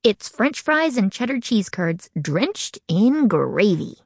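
A woman's voice: medium pitch, big pitch swings, takes it slowly, slightly rough, no echo, studio quality, full character voice. A woman voicing a bold, food-loving teenage tomboy who talks with eager emphasis. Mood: excited. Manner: enthusiastic, emphatic.

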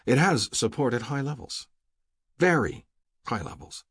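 A man playing a brisk, persuasive recruiter. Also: mid-range voice, sing-song, a bit bright, husky, no echo, clean studio sound, voice pushed up, exaggerated voice.

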